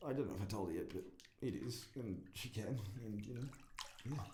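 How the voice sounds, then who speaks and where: A man's voice: lowish voice, animated, brisk, dark tone. A man, rambling and swearing through a casual solo podcast. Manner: rambling, profane, self-deprecating. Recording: echoey room.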